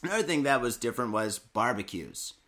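A man's voice: mid-range voice, big pitch swings, brisk, fairly bright tone. A young man from Michigan, chatting casually as a podcast co-host, rambling and swearing constantly. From Michigan, USA. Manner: profane, rambling, heavy cursing and filler.

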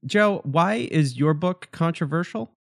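A man hosting a podcast in a relaxed, easygoing way, quick with short quips. His voice moves lively up and down, recorded close and dry. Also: fairly high pitch, creaky, no room sound. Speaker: podcast host. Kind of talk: casual podcast chat.

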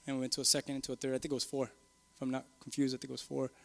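A middle-aged man, a pastor preaching a sermon, moving from low musing to loud, emphatic preaching. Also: monotone, very fast, creaky.

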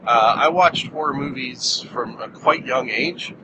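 A man's voice: mid-range voice, measured pace, background noise. Rambling male movie reviewer. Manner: rambling, jokey, many fillers. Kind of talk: casual film review monologue.

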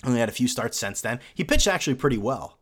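A man's voice: mid-range voice, big pitch swings, quick pace. A young man hosting a solo sports podcast, ranting in a sarcastic, mocking way. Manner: sarcastic, mocking, with mimicked fan voices. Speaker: podcast host.

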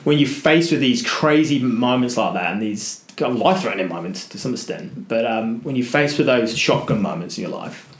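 A man guesting on a podcast, telling an adventure story in an animated way, acting out voices and restarting his sentences. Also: mid-range voice, fairly quick, few pauses, echoey room. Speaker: guest, adventurer and motivational speaker.

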